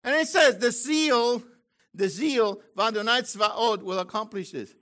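An older man teaching from the Bible in an excited, exclamatory way, with bursts of shouting. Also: extremely high pitch, measured pace. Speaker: preacher.

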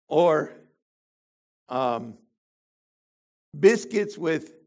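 Older man preaching slowly, rising tones. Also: fairly high pitch. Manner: animated, rhetorical questions to the congregation. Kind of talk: sermon.

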